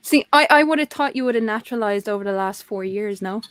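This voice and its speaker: A woman's voice: mid-range voice, fast, fairly bright tone, clear, resonant tone, soft background music. A woman with a Dublin Irish accent hosting a casual chat, asking curious questions. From Ireland. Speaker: host.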